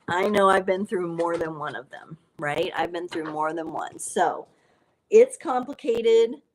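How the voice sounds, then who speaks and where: Woman tarot reader, lowish voice, chatty and playful, live-stream host. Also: a little hiss or hum. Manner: chatty and playful, with frequent fillers and laughs. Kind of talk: casual live tarot reading.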